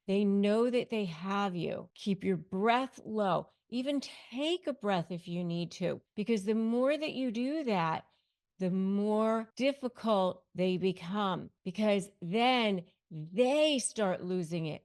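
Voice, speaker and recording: A woman's voice: mid-range voice, lively intonation, takes it slowly, darkish tone. Emphatic woman coaching straight to camera. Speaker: lawyer and negotiation coach. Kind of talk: direct-to-camera advice talk.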